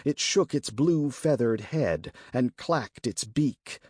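A man reading fantasy narration for an audiobook in a slow, deliberate and expressive way. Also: mid-range voice, husky, dry recording. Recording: dry close studio recording.

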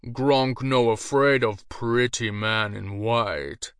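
A man voicing a huge green male ogre who talks in loud, slow, broken grunts. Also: mid-range voice, clear, resonant tone, dry recording, studio quality. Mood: menacing.

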